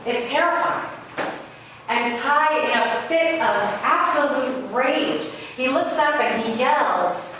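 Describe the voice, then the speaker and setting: A woman's voice: high-pitched, slow, a bit bright. A woman giving a conversational sermon to a live audience, telling personal stories with wry humor. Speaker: spiritual speaker. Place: large hall with a live audience. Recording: echoey hall, far off, background hiss.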